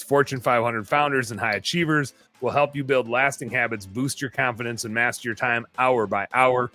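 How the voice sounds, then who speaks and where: Bright-voiced man hosting a podcast. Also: mid-range voice, fairly quick, no room sound, soft background music. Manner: rambling, self-mocking, reads aloud in a jokey tone. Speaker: podcast host. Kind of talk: casual podcast banter.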